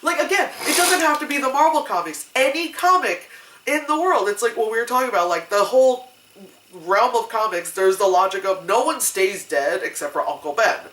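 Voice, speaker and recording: A woman reviewing a movie in casual chat, animated and laughing often, acting out other people's voices. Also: on the high side, brisk, a little hiss or hum. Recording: echoey room, mic at a distance.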